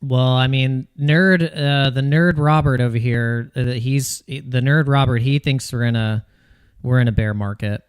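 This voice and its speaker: A man hosting a casual livestream chat, relaxed and laughing, often repeating words. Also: medium pitch, a little slow, clear, resonant tone. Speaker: host.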